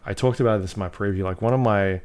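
A man's voice: on the low side, fast talker, darkish tone, clear, resonant tone. A man co-hosting a casual podcast, rambling and full of fillers, swearing freely as he talks through his thoughts. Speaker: podcast co-host. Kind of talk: casual chat about video games.

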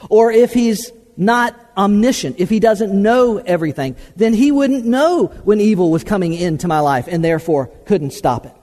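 A man preaching a teaching sermon, halting with many hesitations and repeated words, then pressing his points emphatically. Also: high voice, darkish tone, in a large hall. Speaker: preacher teaching a class on the problem of evil. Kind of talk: sermon-style teaching talk.

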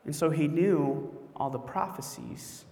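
A male pastor preaching a sermon in a conversational, storytelling way, with animated asides. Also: a little high, measured pace, creaky. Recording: echoey hall with long reverb.

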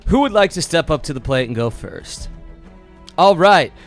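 A man's voice: a little high, very animated, normal speed, soft background music. A man hosting a casual podcast, upbeat and teasing as he runs the segment. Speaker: podcast host. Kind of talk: casual chat.

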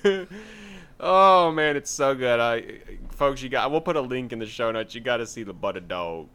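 A man co-hosting a casual podcast, chatty and quick to laugh. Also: mid-range voice, clean tone. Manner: animated, laughs often. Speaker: podcast co-host. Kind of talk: casual chat.

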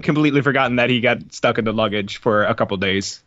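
A man's voice: mid-range voice, fast talker, fairly bright tone, dull audio, a little hiss or hum. A man podcast host chatting casually about a movie, often laughing and acting out quoted lines.

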